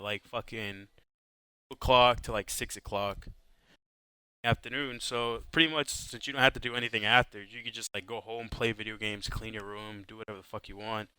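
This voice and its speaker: A young American man talks in a bright, clean, close voice. He rambles through stories, swears constantly and leans on "like". The sound is dry, with no room echo. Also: medium pitch, clean tone. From United States. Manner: profane, rambling storytelling full of "like". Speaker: podcast co-host. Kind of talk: casual podcast chat.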